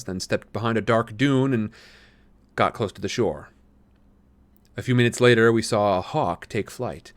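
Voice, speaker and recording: A man streaming a read-aloud of a novel, chatty and friendly between chapters and steady when narrating. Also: lowish voice, no echo. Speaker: streamer reading a book aloud.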